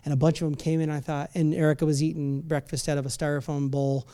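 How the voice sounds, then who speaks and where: A pastor preaching a sermon in a church, swinging between quiet reflection and loud, emphatic bursts, often restarting words and adding playful asides. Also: mid-range voice, level tone, quick pace. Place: church service.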